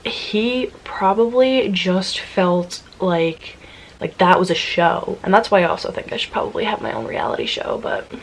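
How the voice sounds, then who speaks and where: A young woman in her twenties telling a story to her vlog audience in a casual, animated way, swearing freely and laughing often. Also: medium pitch, low-quality recording. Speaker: vlogger.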